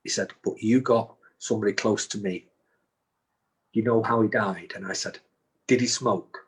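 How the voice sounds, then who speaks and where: Husky low-voiced man telling a story. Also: fairly even intonation, moderate pace. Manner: recounts events with repeated restarts and acted-out quotes. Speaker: guest. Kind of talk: storytelling in conversation.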